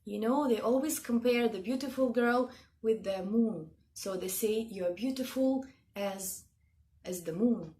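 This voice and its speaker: A woman from Russia with a Russian accent, calmly explaining word meanings to her viewers in a casual vlog. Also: on the high side, a little slow. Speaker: language video host.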